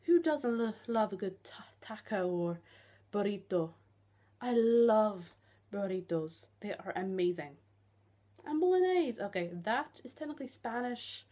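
A woman's voice: mid-range voice, sing-song, a little slow, warm tone. A young woman, ranting bluntly and sarcastically in a vlog, swearing freely. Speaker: vlogger.

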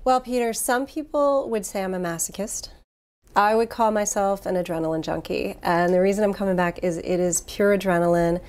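A woman trial lawyer, a guest in an interview, answering with enthusiasm and lively storytelling. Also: medium pitch, fairly quick.

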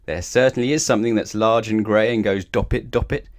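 A man voicing a simple, mild-mannered grown man in a storybook, speaking high and hesitantly. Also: fairly even intonation, a little fast, natural voice. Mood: pleased.

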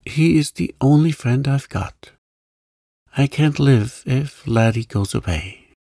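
A man voicing a timid twelve-year-old orphan boy who pleads in a choked voice, in a calm bedtime story reading. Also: medium pitch, takes it slowly, no room sound, studio quality, voice pushed up. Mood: pleading.

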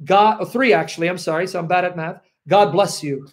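A man's voice: high voice, brisk. A man preaching to an online audience, acting out selfish voices that defy God and repeating phrases for emphasis. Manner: acts out selfish voices talking back to God, then tells a personal story. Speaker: Christian preacher.

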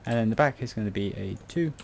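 A man's voice: lowish voice, fast talker, creaky, slight background noise. A British man giving casual commentary on a building tutorial, rambling and muttering to himself with self-mocking asides. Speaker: game tutorial creator.

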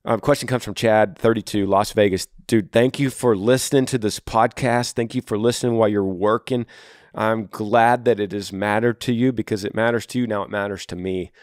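A man's voice: fairly low pitch, fairly even intonation, fairly quick, no room sound, studio quality. A middle-aged man hosting a podcast, giving casual, encouraging advice and talking to the listener like a buddy. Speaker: podcast host. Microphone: close podcast microphone.

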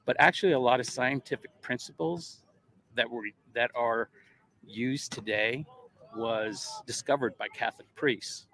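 A man defending his church in a street argument, insistent and quick to push back. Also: mid-range voice, a bit bright. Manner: defensive, insistent, laughs while arguing. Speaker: Catholic passerby.

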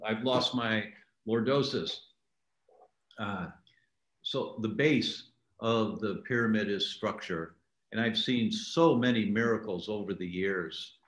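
An older man, a doctor and author, telling stories in a relaxed interview and acting out the lines he quotes. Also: fairly low pitch. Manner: animated storyteller, acts out quoted lines. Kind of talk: conversational interview storytelling. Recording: echoey room.

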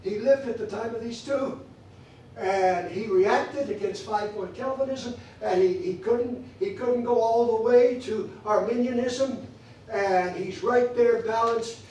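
Male church teacher, high voice, emphatic and repetitive delivery; distant mic, very roomy echo, faint room hiss. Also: a little slow, darkish tone. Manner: emphatic, repeats phrases for stress. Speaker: pastor teaching a theology class. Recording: echoey church room from far off.

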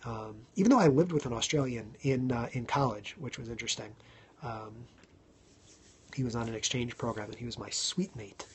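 A man around thirty hosting a casual live stream, chatting to viewers, thanking them by name and filling pauses with ums. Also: medium pitch, slight background noise. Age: 30s.

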